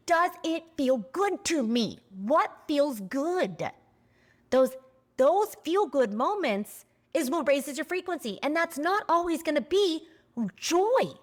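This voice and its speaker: A woman in her forties talking candidly to camera in a spiritual vlog, passionate and blunt, swearing casually and getting emotional at times. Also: sits high. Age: 40s. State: emotional, near tears at times. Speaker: spiritual vlogger.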